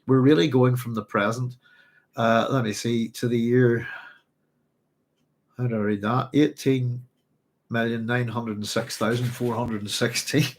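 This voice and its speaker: A man's voice: mid-range voice, steady tone, a little slow, pauses often. A man hosting a live chat, rambling and hesitant as he reads out viewer comments. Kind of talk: casual live-stream chat.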